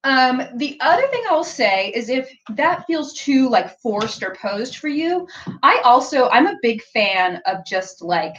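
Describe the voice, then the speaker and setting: A woman's voice: fairly high pitch, a bit bright, lo-fi sound. Chatty woman giving a live-stream tutorial. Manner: chatty, frequent "like" and "um", bursts of playful sounds. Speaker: sewing pattern designer hosting a live stream.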